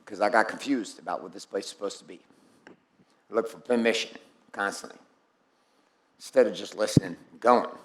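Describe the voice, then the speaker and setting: A man's voice: fairly low pitch, moderate pace, long pauses, reverberant, slight background noise. A man giving a blunt, profane and intense motivational speech to his group, calling on people by name. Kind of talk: live motivational speech to an audience.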